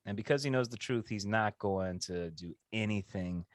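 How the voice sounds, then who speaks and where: A man's voice: normal speed, no echo, studio quality. A man co-hosting a casual podcast, laid-back and agreeable, often steering the talk with questions. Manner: laid-back, agreeable, lively pitch swings. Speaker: podcast co-host. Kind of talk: casual chat.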